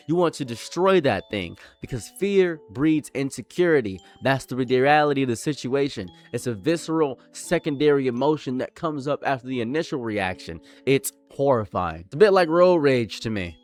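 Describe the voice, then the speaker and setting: A young man giving a frank commentary monologue to his viewers, often repeating points for emphasis. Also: medium pitch. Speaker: commentary YouTuber.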